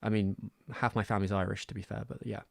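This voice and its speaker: Gravelly and rather low, his delivery stays flat while the pace runs quick, and the recording is dry. The speaker is a young streamer from Southwest England with a West Country accent, rambling and self-mocking in relaxed chat on a close mic.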